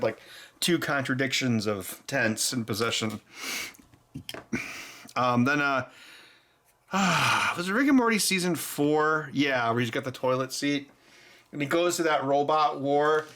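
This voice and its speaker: A man's voice: medium pitch, pushed and bright, a little hiss or hum. A tipsy man hosting a casual electronics teardown, rambling and chuckling as he thinks aloud. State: tipsy from beer. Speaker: electronics hacker host.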